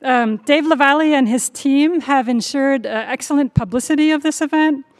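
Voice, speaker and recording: A middle-aged woman hosting a university lecture series, giving thanks and remarks with many fillers and self-corrections. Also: high voice. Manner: warm, halting, with frequent fillers and self-corrections. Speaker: honors program host.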